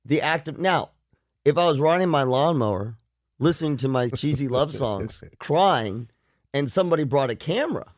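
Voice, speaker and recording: A man's voice: fairly high pitch, expressive, moderate pace, no echo, studio quality. A man, a psychologist co-hosting a radio show, speaking candidly and self-deprecatingly with frequent restarts. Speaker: psychologist co-host. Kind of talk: casual radio chat.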